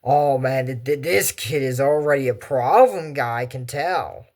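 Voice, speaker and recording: Brief: young man, casual anime recap host, a bit high-voiced, drifts into side stories. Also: moderate pace, few pauses. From Texas. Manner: chatty, digressive, animated asides. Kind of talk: casual rambling commentary.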